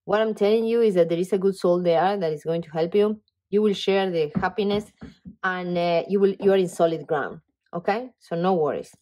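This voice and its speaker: A woman's voice: lowish voice, fairly quick. Enthusiastic tarot reader woman. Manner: animated, enthusiastic, talks straight to the viewer; frequent fillers and "okay?" check-ins. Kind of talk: casual tarot reading to camera.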